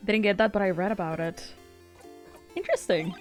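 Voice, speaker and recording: A woman streaming a game who reads story text softly and reacts with excited, sweary outbursts and frequent laughter. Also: mid-range voice, moderate pace, pauses often, soft background music. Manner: soft, hushed reading of story text. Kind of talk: casual let's-play commentary and reading game text aloud.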